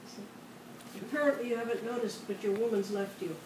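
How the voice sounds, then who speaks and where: A woman reading jokes from a script at a deliberate pace on a show. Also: on the high side. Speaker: joke-telling co-host. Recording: distant, echoey room with clear noise.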